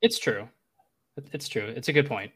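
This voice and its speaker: Bright-voiced young man running a game. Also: mid-range voice, lively intonation, breathy edge. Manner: halting, many restarts and fillers. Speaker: game master. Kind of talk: narrating a tabletop game.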